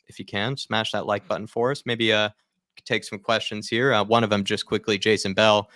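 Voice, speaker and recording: A man with a low, bright, forceful voice hosts a casual fan podcast. He rambles and leans on fillers as he talks over a remote call. The sound is dry and close. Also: flat delivery, normal speed, no echo. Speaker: podcast host.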